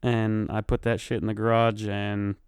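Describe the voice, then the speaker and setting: A man with a low, smooth voice tells a story in a loose, casual way, swearing freely and acting out his own lines. The sound is dry and close. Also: flat delivery, moderate pace, a little mellow, no echo. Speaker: podcast host.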